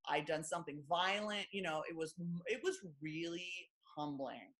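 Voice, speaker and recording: A woman's voice: deep voice, moderate pace, a bit bright. A middle-aged woman guest speaking bluntly and with self-mocking humor, acting out other people's lines in candid interview chat. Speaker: author and guest.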